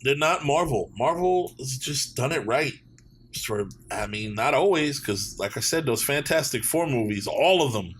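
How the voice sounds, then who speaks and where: A podcast host, a man from canada, talking at an ordinary mid pitch. he swears a lot and wanders off track, chatting loosely with some faint background noise. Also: animated, normal speed. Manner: profane, rambling opinions. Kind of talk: casual chat.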